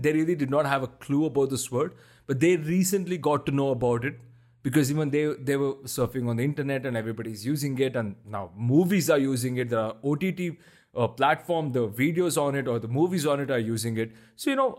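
A man hosts a solo podcast into a podcast mic. His voice is deep, and he talks bluntly and emphatically, swearing often as he rants. His pitch sits a little above most men's. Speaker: podcast host.

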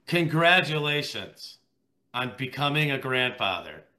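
A man in his thirties hosts a casual chat in a bright, clear voice. He talks in an easygoing way and leans on fillers like "you know" and "dude.". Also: mid-range voice, very animated, unhurried.

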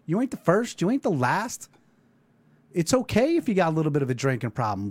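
A man's voice: on the high side, fairly quick, no echo. A man hosting a casual talk show, ranting loosely with plenty of swearing. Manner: animated, swearing, rambling rant. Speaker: podcast host.

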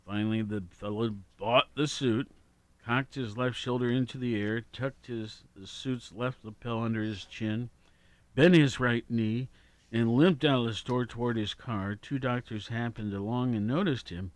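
A man co-hosting a radio show, telling jokes in a slow, deliberate way. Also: mid-range voice, fairly even intonation, no echo. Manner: slow, deliberate joke delivery. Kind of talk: joke-telling radio chat.

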